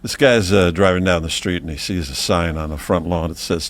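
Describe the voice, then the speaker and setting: A man's voice: low voice, fairly even intonation, a little fast. A man co-hosting a podcast, telling a joke in a meandering way and laughing at his own lines. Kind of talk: casual comedic storytelling.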